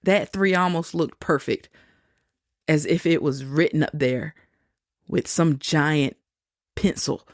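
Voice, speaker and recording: A woman podcast host telling a personal faith testimony, slow and reflective, with soft laughs between thoughts. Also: low voice, dry recording, studio quality.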